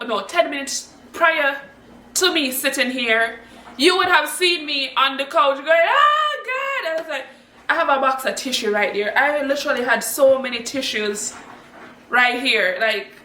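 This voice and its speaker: A woman from Jamaica talks casually to her viewers from home, laughing easily. Her voice sits high and sounds bright, and she swoops up high when she gets excited. She is recorded a little away from the mic in an echoey room. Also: far from the mic, slight background noise. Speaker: vlogger. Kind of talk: casual chat to camera.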